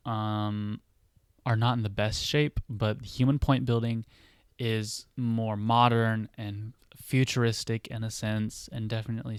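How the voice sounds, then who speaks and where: A man's voice: fairly low pitch, clean tone, no echo, clean studio sound. A man hosting a podcast, casually telling a story in a rambling way full of "like" and "you know.". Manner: rambling, filler-heavy, many "like" and "you know". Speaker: podcast host. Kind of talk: casual storytelling of a book idea.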